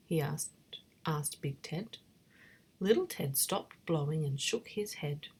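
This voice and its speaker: A woman reading a bedtime story in a soft, breathy whisper. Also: low-pitched, slow.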